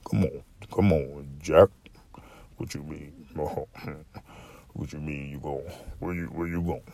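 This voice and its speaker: A man imitating an older uncle with a very deep voice that comes from the back of the throat, laid-back and teasing. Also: fairly even intonation, vocal fry, mellow, slight background noise, exaggerated voice. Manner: slow, laid-back, calls everyone Jack.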